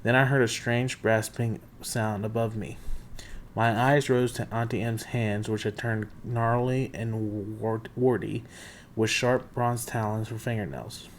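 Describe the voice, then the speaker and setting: A man's voice: lowish voice, steady tone, unhurried, a little hiss or hum. A man reading a novel chapter aloud in first-person narration, with the occasional slip and restart. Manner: plain storytelling with occasional slips and restarts. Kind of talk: amateur audiobook reading.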